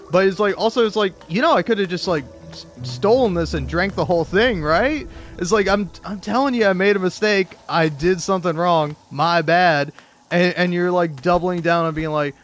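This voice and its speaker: A young man with a slightly high voice rants through a casual story, stumbling over restarts and fillers and swearing freely. Faint music plays underneath. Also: moderate pace. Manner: rambling, many restarts and fillers, profane. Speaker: podcast host. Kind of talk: casual ranting anecdote.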